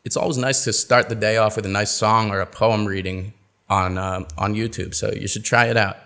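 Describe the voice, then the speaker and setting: Male pronunciation coach, slightly low pitch, patient, clear demonstrations for a webinar. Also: fairly even intonation, bright, forceful tone. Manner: explains patiently, models example phrases slowly and clearly. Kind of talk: webinar lesson.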